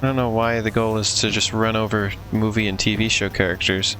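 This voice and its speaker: Easygoing low-voiced man. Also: flat delivery, a little fast, pushed and bright, rough recording. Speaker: co-streamer, player. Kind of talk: casual gameplay chat.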